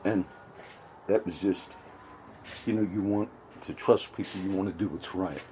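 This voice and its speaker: A man's voice: sits low, steady tone, moderate pace, dark tone, a little hiss or hum, poor audio. A man giving a casual, rambling spoken commentary with frequent restarts and asides. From grew up around Puerto Rican and Cuban friends.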